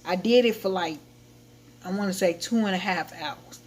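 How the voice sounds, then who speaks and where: Woman livestreamer, mid-pitched voice, loose animated storytelling, casual chat. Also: moderate pace. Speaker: livestream host.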